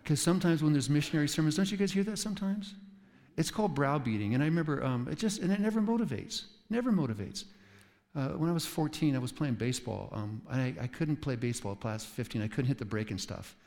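A man's voice: medium pitch, expressive, fairly quick, a little mellow. Pastor, man, west coast voice, talky storytelling sermon, reverberant hall. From West Coast of the United States. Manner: conversational storytelling with asides to the audience.

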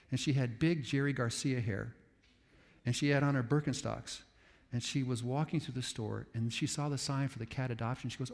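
A man preaching to a room of pastors, telling stories in an animated, self-aware way. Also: medium pitch, big-room sound. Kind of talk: sermon to pastors.

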